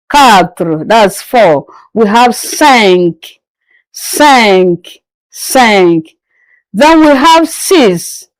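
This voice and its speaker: A French teacher gives a slow, drilling pronunciation lesson, repeating each word several times and patiently asking and answering her own questions while coaxing learners to listen closely. Her voice is fairly high, and the recording is dry and low-quality.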